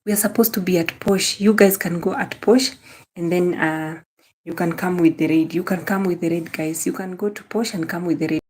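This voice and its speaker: Her voice is fairly low, darkish and husky, with fairly even intonation at normal speed. A young Kenyan woman, she chats casually on a live stream in a Kenyan accent, naming viewers as she greets them, repeating phrases and occasionally blending in Swahili.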